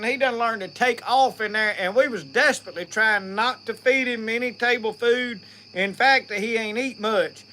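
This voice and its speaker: A middle-aged man with a Southern Mississippi accent rambles along in a folksy way, talking straight to his live-stream viewers. His voice sits high and sounds bright and forceful. Faint crickets and insects chirp in the background. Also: a little hiss or hum. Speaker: outdoors channel host. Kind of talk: casual live-stream chat.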